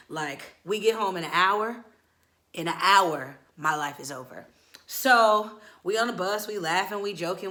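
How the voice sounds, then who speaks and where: A young woman telling a story in a casual vlog, acting out voices and breaking into high, wailing pleas. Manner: animated, acts out voices, swings into high wailing pleading.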